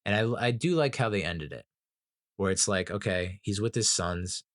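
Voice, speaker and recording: Male host, low voice, dry close sound; loose, profane, emotional monologue review. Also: expressive, normal speed, fairly bright tone, dry recording. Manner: emotional, rambling, swears a lot. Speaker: movie reviewer. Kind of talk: casual movie review monologue.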